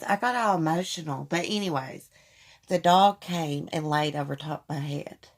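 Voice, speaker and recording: In a low voice at normal speed, a woman runs a casual live chat on her phone. She addresses viewers as y'all while candidly recounting personal stories.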